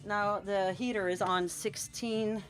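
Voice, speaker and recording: A woman's voice: mid-range voice, fairly even intonation, slow pace, faint music behind. A Scandinavian woman in her forties, a tattoo artist chatting with viewers on a late-night live stream while painting at home. She rambles and encourages, with lots of "like.". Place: at home in a cold room, painting.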